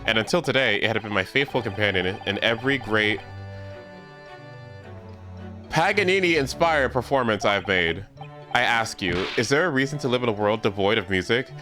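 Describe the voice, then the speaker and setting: A man voicing a gloomy, eccentric male detective, reading the game lines slowly and dramatically in a lowered voice. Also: sharp tone. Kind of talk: live reading of game dialogue.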